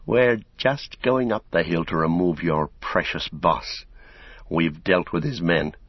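A man's voice: low-pitched, slow, no room sound. A man reading a forthright young hobbit. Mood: scornful. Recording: dull, dry recording.

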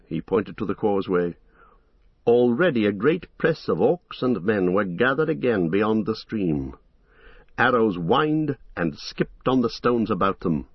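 A man narrating an epic fantasy audiobook in a measured, dramatic storytelling manner. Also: on the low side, sing-song, husky, no room sound, highs cut off.

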